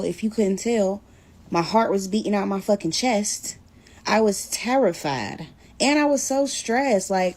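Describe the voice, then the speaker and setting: A woman telling a personal story on her vlog in a casual, blunt way, swearing now and then. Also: medium pitch. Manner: blunt, animated retelling with swearing. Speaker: storyteller vlogger.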